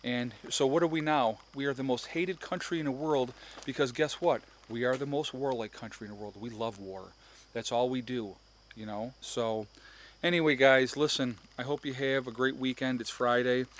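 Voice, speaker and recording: A man's voice: medium pitch, normal speed, a little hiss or hum. A middle-aged man ranting heatedly to his viewers in a vlog, repeating himself and talking to them directly. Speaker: vlogger. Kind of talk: ranting to camera.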